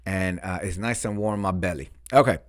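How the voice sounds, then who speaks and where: A man's voice: sits low, brisk, no room sound, studio quality. A man hosting a casual show, reading confessions aloud with campy, sassy asides. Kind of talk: casual chat.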